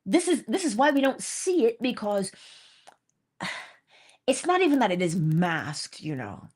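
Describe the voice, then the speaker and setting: A woman's voice: on the high side, big pitch swings, unhurried, a little mellow, husky. A woman hosting an inspirational morning talk, casual and emphatic, repeating key phrases and laughing between points. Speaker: host.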